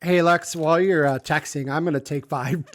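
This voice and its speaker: A man co-hosting a podcast, chatting casually and telling loose stories with plenty of swearing and laughter. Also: fairly high pitch. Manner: loose, profane, laughing storyteller. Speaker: podcast co-host. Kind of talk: casual chat.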